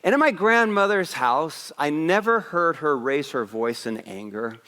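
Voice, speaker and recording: A man preaching a Christmas Eve sermon as a pastor, telling a lively personal story with asides. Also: fairly high pitch, a little slow, big-room sound. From West Africa. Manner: animated storyteller, raising his voice for punchlines. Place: church sanctuary.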